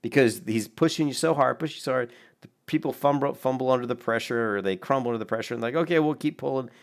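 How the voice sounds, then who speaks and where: A man's voice: mid-range voice, quick pace, vocal fry. A man giving casual, rambling reaction commentary on game clips, swearing freely and laughing often. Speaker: gaming video commentator.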